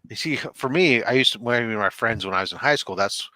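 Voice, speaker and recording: A man co-hosting a casual livestream in a bright, sharp voice, recorded close and dry. He jokes along and keeps restarting his phrases. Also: mid-range voice, fast, dry recording. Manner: chatty, joking, restarts phrases. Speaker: livestream co-host.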